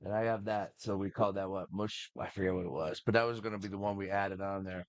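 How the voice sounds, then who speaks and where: A man's voice: deep voice, level tone, fast talker, no echo. A man co-hosting a casual sports talk show in a studio, joking and a bit scattered. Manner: jokey, laughing, a bit scattered. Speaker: podcast co-host.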